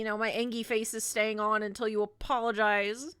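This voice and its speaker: A woman streamer chatting casually to her viewers while playing, playfully indignant, jumping between loud exclamations and grumpy mutters. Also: fairly high pitch, flat delivery, normal speed, clean tone, no echo. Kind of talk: casual live-stream chat.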